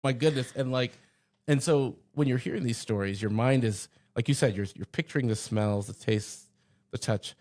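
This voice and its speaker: Mellow-voiced man chatting about scripture. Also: moderate pace, dry recording, clean studio sound. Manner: animated, jumps into high pitch for jokes and read-outs. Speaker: pastor. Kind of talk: casual conversational Bible discussion.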